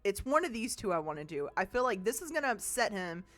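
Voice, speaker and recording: A woman's voice: medium pitch, very animated, quick pace. A woman streamer chatting casually over gameplay, thinking aloud and swearing freely.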